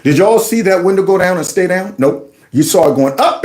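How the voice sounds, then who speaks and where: A man talks through political clips in a high, lively voice that swings widely in pitch. He is mocking and animated, often slipping into exaggerated mimicry. The room around him is echoey. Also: fairly quick. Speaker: political commentary host. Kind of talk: casual political commentary.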